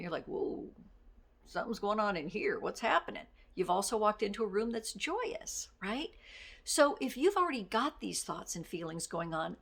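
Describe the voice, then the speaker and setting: A middle-aged woman speaks in a casual, motivational way, frank about her own bad moods and quick to laugh at herself. Her voice sits in a middle range with a gravelly edge. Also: mid-range voice. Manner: candid, self-deprecating, with quick laughs. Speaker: life coach.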